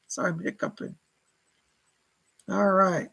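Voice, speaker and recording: A man's voice: high-pitched, animated, moderate pace, gravelly, pauses often, bright, forceful tone, husky, low-quality recording. A man hosting a live stream as a psychic reader, chatting casually, reading out viewer comments and laughing often.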